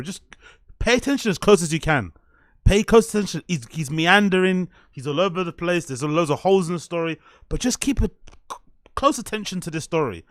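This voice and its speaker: A man's voice: fairly high pitch, fairly bright tone, no echo, studio quality. A man streaming casually, rambling and repeating himself as he quizzes his chat. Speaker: streamer reacting to clips.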